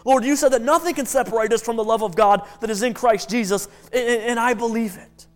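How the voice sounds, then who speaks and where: A man's voice: very high voice, fairly even intonation, brisk, faint music behind, pitched above the performer's own voice. A man voicing a hospital patient with cancer, declaring faith in an emphatic, repeating way. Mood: fervent. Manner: fervent, emphatic, repeats phrases. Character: adult hospital patient with cancer, fervent and steadfast believer.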